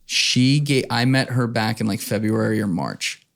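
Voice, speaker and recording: A man as a podcast guest in casual chat, telling stories in an animated way, with plenty of swearing and acted-out quotes. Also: fairly low pitch, moderate pace, gravelly. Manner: animated, profane, acts out quotes.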